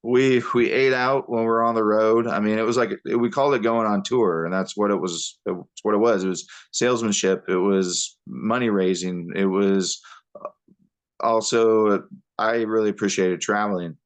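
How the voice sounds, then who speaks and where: A man, a podcast guest, telling his personal story in a halting way with many pauses and restarts. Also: on the low side, fairly even intonation.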